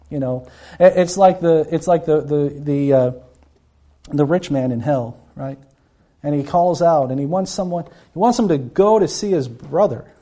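Earnest preacher man with a mellow voice. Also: on the high side, normal speed. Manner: earnest, repeats words, voices quoted figures. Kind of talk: Bible-teaching sermon.

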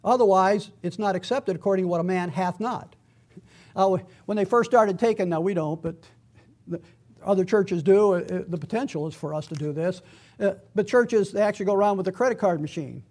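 A man preaching a conversational, verse-by-verse Bible teaching, reading scripture slowly and with emphasis. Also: sits high, darkish tone. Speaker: pastor.

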